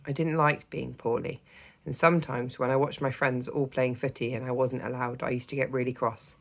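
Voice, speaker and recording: A woman reading a children's storybook aloud in the first person, with an expressive, gently humorous manner. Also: very deep voice, creaky. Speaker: teacher reading to a class.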